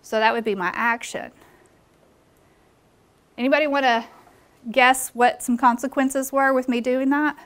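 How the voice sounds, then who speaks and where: A woman's voice: high-pitched, steady tone, a little slow, pauses often, clear, resonant tone. A woman presenting a live workshop in a meeting room, engaging the audience with questions.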